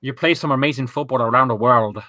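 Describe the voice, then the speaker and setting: A man's voice: mid-range voice, quick pace, sharp tone, no echo, voice pushed down, close to an everyday voice. A man imitating a male football manager giving an earnest, repetitive pep talk to his players. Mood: rousing.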